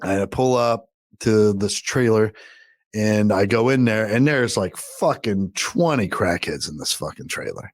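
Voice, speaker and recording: A man's voice: fairly low pitch, expressive, a little slow, dry recording, studio quality. A man casually telling a story on a podcast, cursing a lot and acting out what people said. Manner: profane, rambling, acts out quotes loudly. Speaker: podcast co-host.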